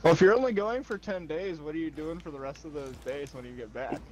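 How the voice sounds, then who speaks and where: A man's voice: a little high, quick pace, a crowd in the background. A young man bantering with a friend during a game, teasing and crude. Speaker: friend co-playing on stream. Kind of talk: casual banter over voice chat.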